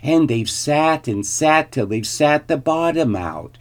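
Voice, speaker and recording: A man doing a squeaky little baby bear. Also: expressive, slow pace. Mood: sad. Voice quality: squeaky, shrill. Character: small shrill male baby bear cub. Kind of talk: storybook reading.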